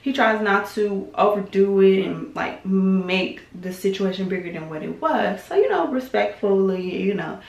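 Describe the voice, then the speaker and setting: A woman's voice: mid-range voice, expressive, moderate pace, creaky, few pauses, dull audio. A young woman, chatting casually as she recaps online drama, full of fillers and hedges. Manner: chatty, filler-heavy, hedging with "allegedly". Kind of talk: casual gossip commentary. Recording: echoey room.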